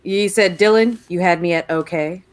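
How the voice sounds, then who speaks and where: A woman in casual chat who is counting votes aloud, halting and casual. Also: on the low side. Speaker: vote counter.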